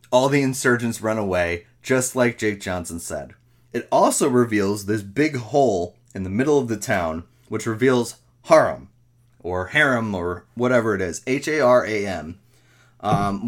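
Guy rambling thru a movie recap, keeps correcting himself, pretty animated about it. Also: medium pitch, measured pace. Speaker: movie reviewer. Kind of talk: casual movie recap and review.

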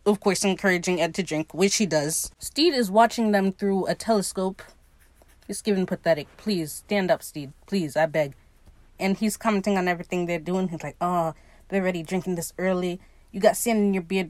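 A woman's voice: fairly low pitch, no echo. A woman casually recapping a TV episode, swearing freely and briefly acting out the characters' lines. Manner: animated, swears freely, acts out quotes in quick voices. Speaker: recap podcaster.

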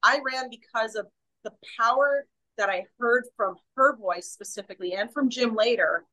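A woman's voice: on the high side, moderate pace, sharp tone, poor audio. A woman, a guest in a casual interview, talking with emphatic passion and often restarting her sentences. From Canada.

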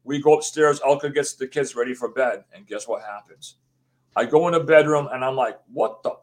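A man from the USA, a guest on an interview show, telling his story in a rambling, animated way and acting out what people said. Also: mid-range voice, brisk. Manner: rambling, acts out quotes, swears.

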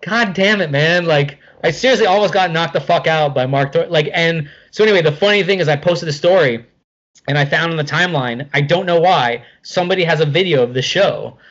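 A middle-aged man spins a casual anecdote, animated and loose, swearing freely and leaning on "like". His voice sits a little high. The audio is dull and lo-fi. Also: a little fast. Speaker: guest.

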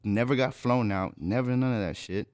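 A man's voice: mid-range voice, moderate pace, darkish tone, no echo, studio quality. A man telling stories as a guest on a casual podcast, talking in loose, profane slang. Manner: laughs while telling stories. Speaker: rapper telling his story as a guest.

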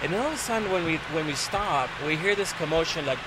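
A man, a flight attendant guest, telling an animated anecdote and acting out the voices of the people in it with big jumps in pitch. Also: quick pace. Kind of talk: animated storytelling. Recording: loud traffic noise behind.

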